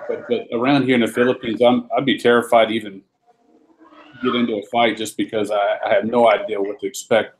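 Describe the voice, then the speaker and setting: A man's voice: on the low side, little pitch movement, a little fast, a little hiss or hum, poor audio. Laid-back man. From South Texas. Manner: laid-back, laughs often. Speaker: guest. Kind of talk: casual live-stream chat.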